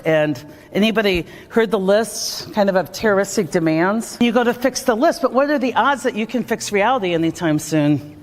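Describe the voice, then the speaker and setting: A woman speaking about leadership at a conference, energetic and acting out the voices of the people she quotes. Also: mid-range voice, moderate pace, slight background noise. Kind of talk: conference talk and vlog.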